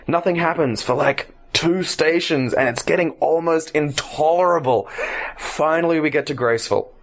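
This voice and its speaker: A man on a podcast telling a long, profane story in a casual, animated way. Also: a little high, normal speed. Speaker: podcast co-host.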